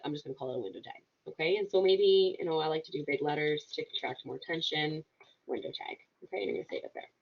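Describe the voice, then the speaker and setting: A woman walking viewers through a software tutorial, upbeat and instructive, often checking in with "okay?". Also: low-pitched, very fast, gravelly, few pauses, muffled recording. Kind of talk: screen-share tutorial narration.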